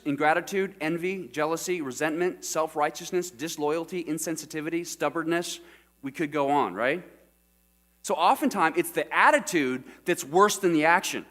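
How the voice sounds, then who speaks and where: A man's voice: fairly high pitch, a bit bright. A middle-aged man preaching a sermon as pastor, often putting questions to the congregation. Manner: asks the congregation frequent questions. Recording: church sermon recording with mains hum.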